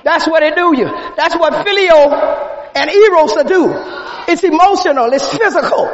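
A man preaching an impassioned sermon in a large church. He builds to shouts and repeats his refrains. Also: very high-pitched, lively intonation, moderate pace, some chatter behind. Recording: echoey hall, dull sound, faint congregation.

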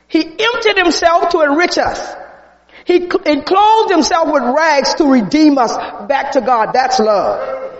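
A man preaching an impassioned sermon in a large church. He builds to shouts and repeats his refrains. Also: very high voice. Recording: echoey hall, dull sound, faint congregation.

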